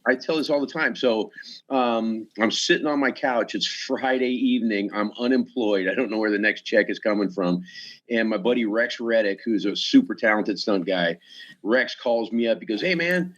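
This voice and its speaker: Man, low voice, stuntman guest, lively storyteller, acts out dialogue, muffled lo-fi audio. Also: normal speed. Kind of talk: casual storytelling on a podcast.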